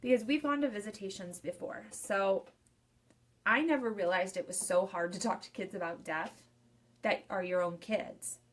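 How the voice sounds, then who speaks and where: A woman's voice: medium pitch, moderate pace. Young woman funeral director, casual live-video advice, repeats points in loose lists. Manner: chatty and repetitive, restating points in loose lists.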